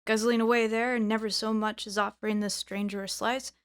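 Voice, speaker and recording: A woman voicing an angry, rude male magic pudding with a thick, loud, bossy voice in a storybook reading. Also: medium pitch, level tone, a little fast, smooth, close to an everyday voice.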